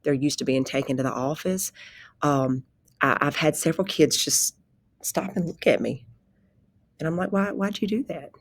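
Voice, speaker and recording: Calm low-voiced woman teacher. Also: moderate pace, pauses often, dry recording. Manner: calm, conversational, rambling with restarts. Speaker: pre-K teacher. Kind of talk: informal spoken presentation.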